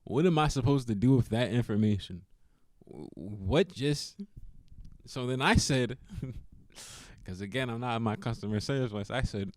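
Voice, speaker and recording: Animated young man telling a story. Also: mid-range voice, normal speed, no room sound, studio quality. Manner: animated, laughs often, acts out quotes. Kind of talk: casual storytelling.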